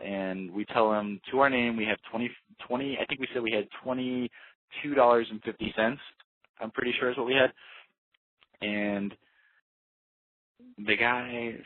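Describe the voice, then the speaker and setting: A man's voice: lowish voice, no room sound. A young man telling a road-trip story casually, rambling with lots of fillers and restarts. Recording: tinny phone-like dry sound.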